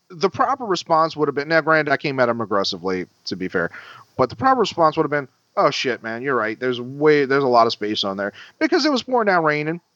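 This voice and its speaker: A man co-hosting a podcast, telling a story in a casual, animated, profane way. His voice jumps high when he quotes himself. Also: dry recording, highs cut off. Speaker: podcast co-host.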